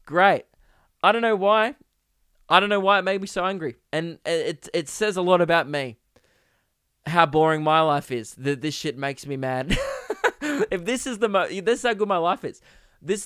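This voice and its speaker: A young Australian man hosting a podcast, ranting comically and exasperatedly, jumping into sudden high-pitched outbursts. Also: a bit bright, clear, resonant tone, dry recording, clean studio sound. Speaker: podcast host. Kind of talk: comedic rant.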